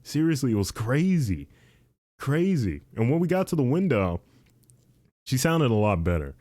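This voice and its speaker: A man's voice: medium pitch, very animated, moderate pace, warm tone, no room sound. A young man hosting a casual podcast, rambling and repeating himself, calling the listener dude. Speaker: podcast host. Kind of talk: casual chat.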